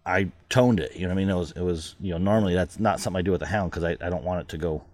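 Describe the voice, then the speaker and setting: A middle-aged man in casual chat, rambling, laughing often and trailing off quietly. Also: sits low, racing, dry recording.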